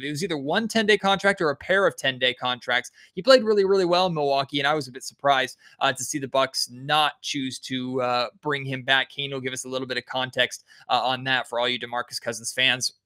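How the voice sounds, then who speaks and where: A man's voice: mid-range voice, pushed and bright, clean tone. A man hosting a sports podcast, introducing his guest in a chatty way with frequent filler words. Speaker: podcast host.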